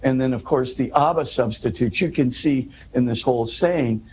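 A man's voice: mid-range voice, moderate pace, darkish tone, a little hiss or hum, low-quality recording. A man in an interview, earnestly explaining a scripture passage, often restarting and pushing his voice up for emphasis.

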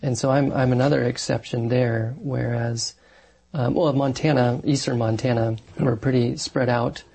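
A man, a married Catholic parish priest, answers questions in an earnest, thoughtful way, pausing on fillers as he goes. His voice is mellow and dark with a gravelly edge and a husky breathiness. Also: medium pitch, steady tone. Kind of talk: conversational interview answers.

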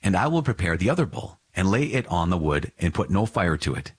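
Bold male prophet giving firm commands, voiced by a husky male reader. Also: low-pitched, very animated, a little fast, full character voice. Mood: stern.

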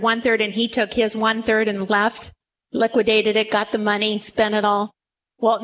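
A woman's voice: fairly high pitch, a little hiss or hum. A middle-aged woman preaching a sermon to a gathered room, acting out the quoted lines with drama.

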